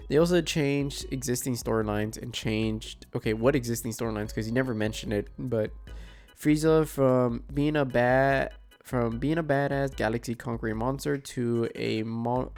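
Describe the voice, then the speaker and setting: A man's voice: medium pitch, creaky, darkish tone. A sick man with a stuffed nose gives a profane, exasperated gaming rant and keeps asking rhetorical questions. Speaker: gaming commentator. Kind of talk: ranting reaction commentary.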